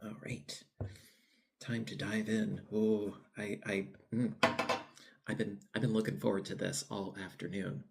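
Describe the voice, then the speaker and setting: A man's voice: on the low side, flat delivery, unhurried, creaky, very noisy. A man hosting a home baking channel, chatting casually and rambling with lots of fillers and restarts while tasting his bread. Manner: savoring food while talking. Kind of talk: casual cooking vlog talk.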